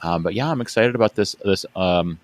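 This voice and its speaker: A man hosting an education podcast, talking in a relaxed, casual way and at times reading website text aloud. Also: low-pitched, fairly quick, no echo. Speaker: podcast host.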